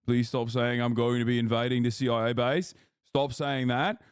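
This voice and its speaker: A man doing a put-on Australian accent as a brash, crude Aussie bloke, swearing and insisting loudly. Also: mid-range voice, steady tone, normal speed, smooth, dry recording, clean studio sound, voice pushed down, lightly acted. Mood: mock-defiant. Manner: loud, swearing, insistent denials. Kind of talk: livestream bit.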